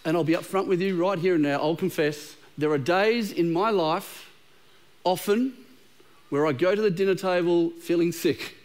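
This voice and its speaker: A man's voice: sits high, normal speed, darkish tone. A middle-aged man preaching a sermon to a congregation, conversational and humorous, often repeating words as he goes. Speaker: pastor. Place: church auditorium with a live congregation.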